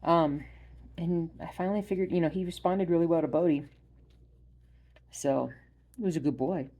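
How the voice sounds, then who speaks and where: A woman vlogging casually at home about stitching. She rambles with many ums and uhs and often drops to a soft murmur. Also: on the low side, normal speed. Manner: soft-spoken, drops to a murmur when addressing her dog. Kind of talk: casual chat. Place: at home by her stitching spot.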